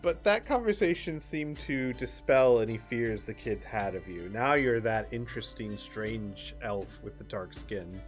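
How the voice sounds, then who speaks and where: A man narrating as game master for a tabletop game, relaxed and chatty, with many fillers and laughs. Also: medium pitch, unhurried, few pauses, faint music behind.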